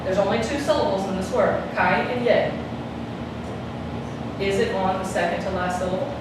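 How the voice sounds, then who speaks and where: A woman's voice: medium pitch, fast talker. A woman teaching a classroom lesson, patiently repeating her questions and stretching out words to show where the stress falls. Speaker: Spanish teacher. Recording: echoey classroom, taped from a distance, noisy.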